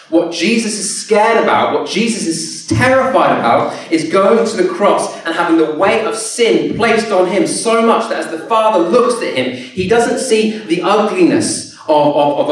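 A man's voice: fairly high pitch, far from the mic. Earnest preacher man in an echoey hall. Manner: earnest, repetitive, many restarts. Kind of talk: sermon with personal story.

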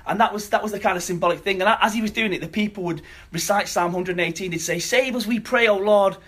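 A man preaching a sermon, telling a scripture story earnestly and dropping to quiet emphasis. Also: sits high, steady tone, quick pace, slightly rough.

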